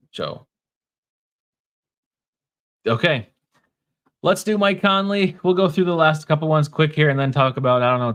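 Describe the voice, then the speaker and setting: A man with a Minnesota accent hosting a casual livestream, talking in a wry, offhand way and reading comments from the chat aloud. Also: medium pitch. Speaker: podcast host.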